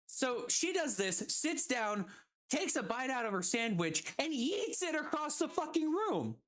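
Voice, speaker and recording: A woman's voice: high-pitched, sing-song, unhurried. A woman streamer telling a story casually while gaming, exasperated and swearing constantly.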